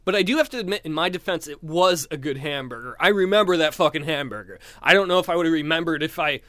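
A man's voice: fairly high pitch, fast, a bit bright, dry recording. A young man doing improvised stand-up comedy alone, rambling and self-mocking, laughing at his own jokes. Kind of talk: improvised solo stand-up without audience.

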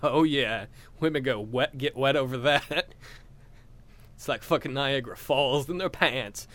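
A young man from West Virginia with a West Virginia accent, doing a crude stand-up comedy set and jumping into shrill put-on voices. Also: unhurried, a bit bright.

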